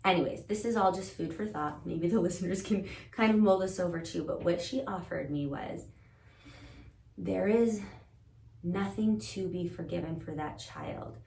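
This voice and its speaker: Her voice is on the low side, creaky and darkish, moving at a moderate pace as she shares her story as a podcast guest, thinking aloud in an earnest, searching manner. The room she shares with the host gives an echoey sound, with a distant mic and faint noise.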